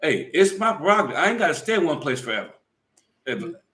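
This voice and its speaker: A man's voice: fairly high pitch, big pitch swings, a bit bright. A middle-aged man from the United States talking emphatically and a little preachily in a casual live chat. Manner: emphatic, preachy, rapid talk. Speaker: vlog co-host. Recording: echoey room.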